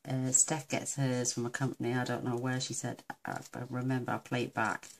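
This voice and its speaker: Middle-aged woman, very low gravelly voice, chatty craft demonstrator, faint hiss. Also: level tone, normal speed, rough recording. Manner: chatty, rambling, talks to herself while working. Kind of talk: casual crafting tutorial chat.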